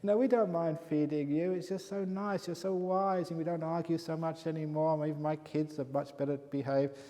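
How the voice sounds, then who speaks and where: A man's voice: on the high side, fairly even intonation, moderate pace, dark tone, pitched above the performer's own voice, lightly acted. A man voicing a poor farming family begging their beloved monk to stay, in a pleading, raised voice. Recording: long hall reverb.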